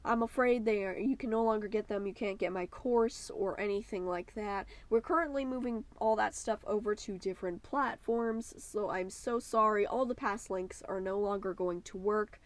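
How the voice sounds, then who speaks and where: This woman runs a YouTube art channel and narrates in a mid-range voice at a moderate pace, barely pausing. Her voice-over is casual and enthusiastic, rambling with lots of ums and the occasional playful fake accent.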